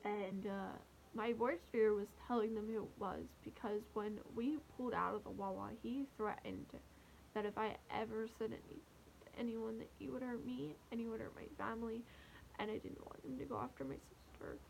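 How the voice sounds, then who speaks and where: Young woman vlogger, gravelly fry, soft and halting, faint hiss behind. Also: a little high, fairly even intonation, rough recording. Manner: soft, halting, with many pauses and fillers. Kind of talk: personal storytelling to camera.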